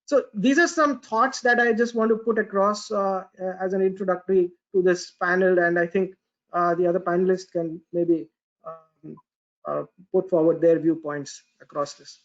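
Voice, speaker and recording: Guy on a panel call, halting, um and uh a lot, dull muffled audio. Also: sits high, fairly even intonation. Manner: halting, groping for words. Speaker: supply chain panelist. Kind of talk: panel discussion over video call.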